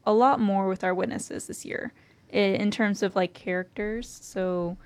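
A young woman in casual chat about her mock trial team, relaxed and laughing often, with many fillers. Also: mid-range voice, a little slow.

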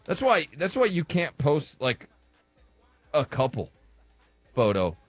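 A man co-hosting a casual podcast chat, animated and joking. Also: fairly high pitch, slow, dry recording, faint music behind. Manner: animated, jokes in an old-timey voice. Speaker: podcast co-host.

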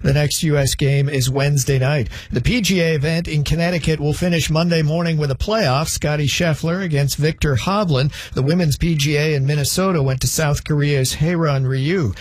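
Husky male sports newsreader. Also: on the high side, dry recording. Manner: brisk, even newsreader delivery. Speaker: sports news anchor. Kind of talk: scripted sports news read.

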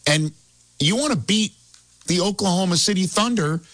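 A man hosting casual sports talk, animated and excitable, laughing as he tells it. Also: high voice, moderate pace, no room sound. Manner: animated, excitable, laughs while telling stories.

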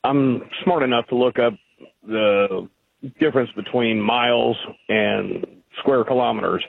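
A man's voice: mid-range voice, measured pace, gravelly, no echo. A man calling in to a radio show, arguing his point with hesitant fillers. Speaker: radio caller. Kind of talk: phone-in conversation. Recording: phone line.

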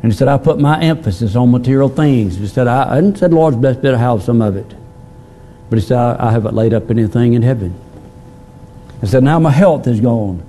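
A middle-aged male pastor preaching a plain-spoken sermon, often repeating words and pausing on fillers. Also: medium pitch, animated, dark tone, a little hiss or hum.

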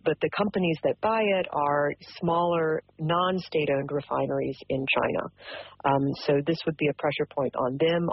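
A woman's voice: sits low, slightly rough, no echo, muffled recording. A woman energy policy expert answering interview questions thoughtfully, with frequent ums.

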